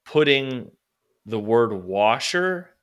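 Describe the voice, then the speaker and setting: A man's voice: medium pitch, big pitch swings, drawn-out words, a bit bright. A man co-hosting a podcast in casual chat, laid-back and profane. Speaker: podcast co-host.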